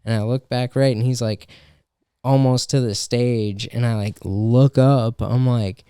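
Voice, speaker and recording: A man's voice: medium pitch, fairly even intonation, a little slow, dark tone, clean tone, no echo, clean studio sound. A young adult man telling a story in casual podcast chat, swearing often and full of fillers. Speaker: podcast co-host and stand-up comedian.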